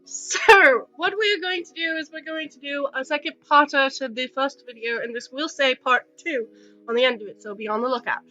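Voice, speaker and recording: A woman's voice: sits high, normal speed, sharp tone, highs cut off, faint music behind. A woman hosting her channel over a webcam call, in rambling, sarcastic casual chat with plenty of swearing and a British-sounding accent. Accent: British-sounding, put on. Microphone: webcam with Skype call.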